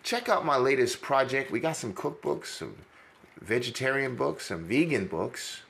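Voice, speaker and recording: A man's voice: medium pitch, sing-song, moderate pace, vocal fry, echoey room, noisy background. A man with a New York accent hosting a casual podcast monologue, brash, rambling and profane. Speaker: podcast host.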